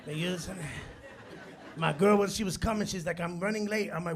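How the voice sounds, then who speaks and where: High-voiced man doing stand-up in a club. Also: a little fast. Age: 40s. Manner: animated storytelling, acts out quotes, works the crowd. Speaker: stand-up comedian. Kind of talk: stand-up comedy set. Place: comedy club on stage. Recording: live club recording with loud crowd laughter. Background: audience laughter.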